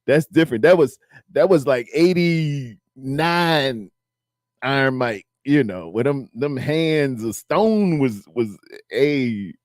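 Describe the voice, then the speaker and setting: A man's voice: medium pitch, expressive, takes it slowly, dry recording. A middle-aged man, hosting a casual live stream and rambling as he chats with his viewers. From Virginia.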